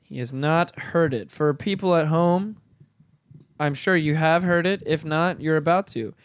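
A man's voice: fairly high pitch, unhurried, clear, resonant tone, no echo. A man hosting a casual podcast, joking and swearing, easily thrown off his train of thought. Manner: profane, laughing, easily sidetracked. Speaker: podcast host.

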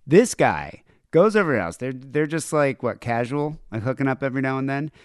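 A man's voice: mid-range voice, animated, fairly quick, clean tone, dry recording, studio quality. Laid-back man in casual banter. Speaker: podcast co-host. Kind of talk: casual profane chat.

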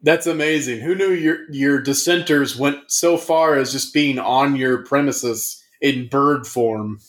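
A man's voice: mid-range voice, unhurried, a bit bright. A man co-hosting a casual comedic chat, talking in a playful, rambling way with many restarts. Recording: echoey room.

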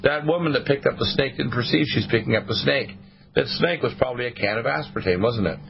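A man's voice: mid-range voice, quick pace, vocal fry, slight background noise. Male talk radio host, preachy and rambling, slightly dull broadcast sound. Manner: rambling, sermon-like, quoting the Bible.

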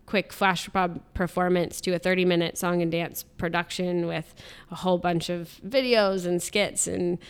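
Smooth, low-toned woman interview guest. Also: steady tone, normal speed, hardly any pauses. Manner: earnest, explaining her work with some fillers. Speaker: interview guest, civic program lead. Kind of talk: podcast interview answers.

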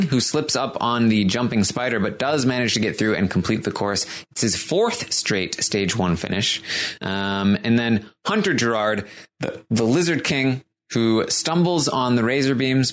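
A man's voice: mid-range voice, lively intonation, unhurried. A man co-hosting a casual podcast, recapping a competition show with dry jokes and plenty of fillers. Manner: dry, joking, filler-heavy. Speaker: podcast co-host.

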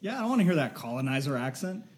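Teasing man with a lively voice. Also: fairly high pitch, racing, a little hiss or hum. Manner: teasing, laughs a lot. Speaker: podcast co-host. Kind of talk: casual chat.

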